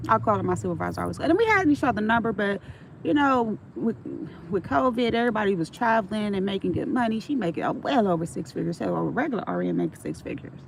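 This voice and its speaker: A woman's voice: medium pitch, sing-song, fast talker, vocal fry, poor audio. A middle-aged woman telling stories on a casual livestream, frank and streetwise, swearing freely, with faint traffic noise behind her.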